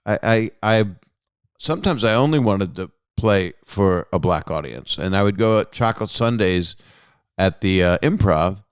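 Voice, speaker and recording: A man with a lowish, smooth and resonant voice, hosting a relaxed podcast chat. He rambles through anecdotes and pokes fun at himself as he goes. The sound is close and dry, with no room around it. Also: moderate pace, no echo. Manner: rambling, self-deprecating storytelling. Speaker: podcast host. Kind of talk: casual conversation.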